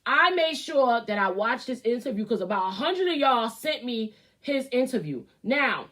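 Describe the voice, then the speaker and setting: A woman with a high voice rants as a show host, cursing freely and talking bluntly. Her delivery is heated and opinionated, running from flat asides to loud outbursts. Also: normal speed. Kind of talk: ranting commentary.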